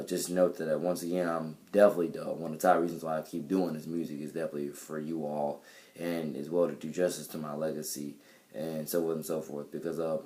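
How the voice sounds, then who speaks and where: Young guy with a super deep voice talking to the camera, rambles a lot, lots of ums and restarts, pretty monotone. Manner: rambling, many fillers and restarts. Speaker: vlogger and musician. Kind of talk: casual spoken video diary. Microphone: camera mic.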